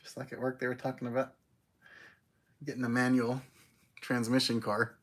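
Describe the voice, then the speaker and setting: A man's voice: mid-range voice, level tone, normal speed, a bit bright. A man co-hosting a casual livestream from home. He rambles in an easygoing way and chuckles often as he chats. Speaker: livestream co-host. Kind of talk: casual chat. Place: porch at home.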